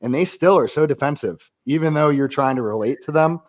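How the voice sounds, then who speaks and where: A man who is a former Marine, a podcast guest speaking in casual conversation, blunt, profane and quick to laugh. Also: on the high side.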